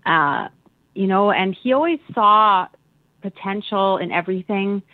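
A woman remembering her father in an interview, candid and animated, a little choked up. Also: mid-range voice, a little slow, dry recording. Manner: animated, candid, laughing often. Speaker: daughter. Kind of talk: emotional interview. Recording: dry phone-like line.

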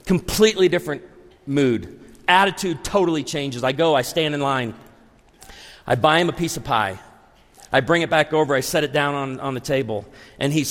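Lively pastor in his forties telling funny stories, slightly high voice, recorded live in a hall with long reverb. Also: moderate pace. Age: 40s. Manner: animated, humorous storytelling. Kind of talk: sermon.

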